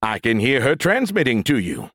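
A man voicing a damaged, stuttering android soldier in a battlesuit with a booming voice, in an audiobook. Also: big pitch swings, a bit bright, husky, no room sound, clean studio sound. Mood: eager booming. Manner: stutters on first sounds, booming, slow drawn-out words. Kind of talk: audiobook character voice.

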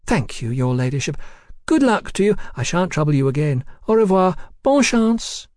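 A man's voice: very animated, moderate pace, a little mellow, no echo, clean studio sound. A man voicing a flighty, forward Englishwoman living abroad, coaxing and pleading. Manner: coaxing, pleading, high-strung.

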